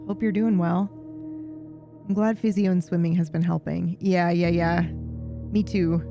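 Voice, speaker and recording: A woman streamer chatting casually with her viewers, telling a rambling, animated story full of swearing. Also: lowish voice, measured pace, vocal fry, soft background music. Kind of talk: casual chat with viewers while gaming.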